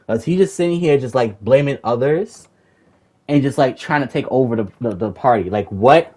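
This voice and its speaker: A man's voice: mid-range voice, animated, normal speed, warm tone. A young man telling a heated story about an argument with another player, swearing often and rambling as he repeats himself. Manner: profane, rambling, repeats himself when worked up. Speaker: gamer recounting a raid group argument.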